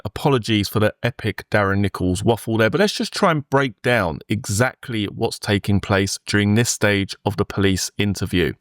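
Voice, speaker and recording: A man's voice: mid-range voice, a bit bright, no echo, studio quality. Man explaining a true crime case. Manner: conversational, explains step by step. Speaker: true crime channel host.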